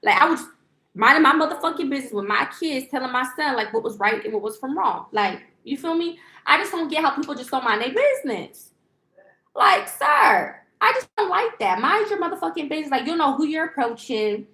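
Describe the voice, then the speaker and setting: A woman's voice: high-pitched, big pitch swings, fairly quick, pushed and bright, reverberant. A woman vlogger telling a story in a casual rant, rambling and profane, with lots of fillers and restarts. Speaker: lifestyle vlogger and livestreamer.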